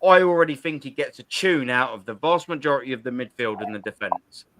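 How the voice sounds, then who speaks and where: A man's voice: mid-range voice, animated, a little fast, noisy background. A young man hosting a football call-in show, chatting casually in slang with lots of restarts. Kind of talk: casual chat.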